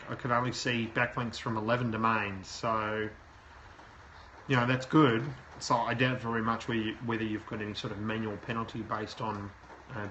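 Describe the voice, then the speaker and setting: A man's voice: on the low side, bright, forceful tone, slight background noise, low-quality recording. A man hosting a live show, reviewing a website aloud and giving plain, direct advice. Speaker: SEO consultant host. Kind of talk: live website review, talking while browsing.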